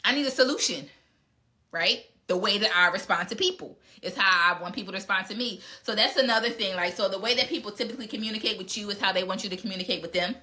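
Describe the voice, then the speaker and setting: Woman host, frank and direct, bright forceful tone, live casual Q&A. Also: medium pitch, quick pace, few pauses. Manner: frank and blunt, with mild cursing. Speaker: speaker answering audience questions.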